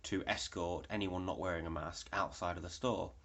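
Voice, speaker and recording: A man's voice: low voice, steady tone, moderate pace, a bit bright. A man voicing an officious male shopper who nags about masks in a pushy, raised voice. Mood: indignant.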